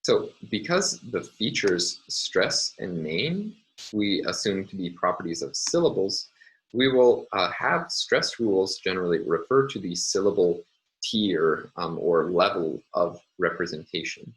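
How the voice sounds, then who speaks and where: Low-voiced man giving a lecture. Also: expressive, a bit bright, rough recording. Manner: measured, explanatory, with frequent "uh" and "um" pauses. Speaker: university lecturer. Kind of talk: recorded academic lecture.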